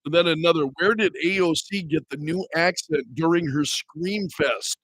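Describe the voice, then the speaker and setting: A man's voice: on the high side, moderate pace, fairly bright tone, no room sound, poor audio. A man hosting a talk radio show, reading items aloud and mocking them with a sarcastic tone and frequent laughter. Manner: sarcastic, laughs often, mocks what he reads. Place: radio studio. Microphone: studio microphone.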